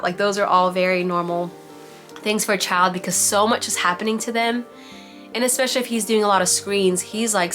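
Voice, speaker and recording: A woman's voice: medium pitch, a bit bright. A young woman giving parenting advice to other mothers on a video call, chatty, full of "like" and "you know". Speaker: mom giving parenting advice to a support group. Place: home, on a virtual meeting. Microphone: computer mic on a video call.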